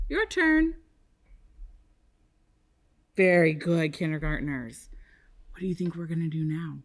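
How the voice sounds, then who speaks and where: Casting: woman kindergarten teacher, very animated pitch, slow deliberate pacing, sing-song repeat-after-me delivery. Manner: slow, sing-song call-and-response with young children. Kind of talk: televised classroom lesson.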